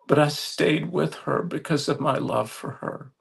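A man preaching a sermon, telling a story earnestly with halting restarts and building to emphatic appeals. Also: fairly high pitch, expressive, gravelly, husky.

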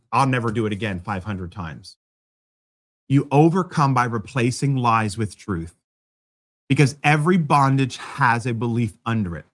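A man's voice: mid-range voice, a bit bright. A man preaching a sermon as pastor, in a conversational style with self-deprecating humor.

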